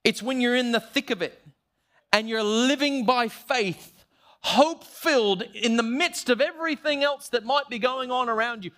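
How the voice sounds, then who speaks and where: A man with a notably high voice preaches with conviction, leaning hard on key words and drawing them out slowly. Now and then he drops lower to act out a short quoted prayer. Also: fairly bright tone. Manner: emphatic preaching, slowing down to stress key phrases. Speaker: pastor. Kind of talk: sermon.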